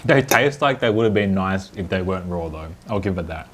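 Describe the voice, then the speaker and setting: A man's voice: sits low, expressive, brisk, slight background noise. An Australian man vlogging outdoors over dinner, joking and teasing in casual chat. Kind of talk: casual chat while eating.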